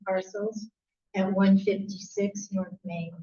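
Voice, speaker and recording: A woman resident reading a prepared public comment at a town meeting, measured and reading from notes. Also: on the low side, a little mellow, distant mic, muffled recording. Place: school cafeteria.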